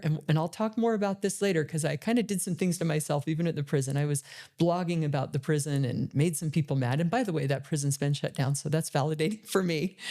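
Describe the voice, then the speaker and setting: A woman in her forties, a motivational speaker, telling her own life story candidly and emotionally, slowing down on painful memories. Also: low voice, mellow. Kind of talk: personal storytelling talk.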